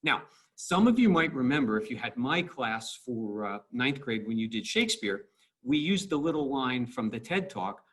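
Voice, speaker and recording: A man teaching high school English in a recorded video lecture, explaining patiently and stressing syllables to show the rhythm. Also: big pitch swings, normal speed, a bit bright, slightly rough. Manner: repeats words and restarts.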